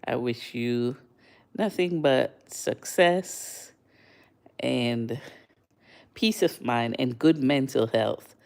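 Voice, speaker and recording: An older woman from Jamaica telling a story to her livestream viewers in a casual, animated way, her voice jumping high when she is surprised. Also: drawn-out words, vocal fry, pauses often. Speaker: livestream host.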